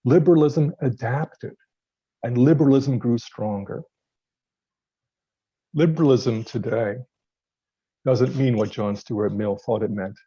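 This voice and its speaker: A man delivers a measured sermon-style lecture, his voice gravelly and a little husky. The tone is dark and mellow, and the recording is dry and slightly dull. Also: medium pitch, dry recording. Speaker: guest speaker.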